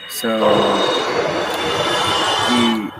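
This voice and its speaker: A man's voice: medium pitch, very slow. A man streaming a game in casual chat, retelling a story in a rambling way with many fillers. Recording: loud steady background noise.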